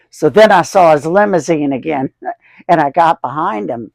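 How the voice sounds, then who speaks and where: Gravelly man in his sixties, rambling. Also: on the high side, moderate pace, no echo. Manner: rambling, chuckling anecdotes with many fillers. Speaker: collector and channel host. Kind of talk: casual storytelling vlog.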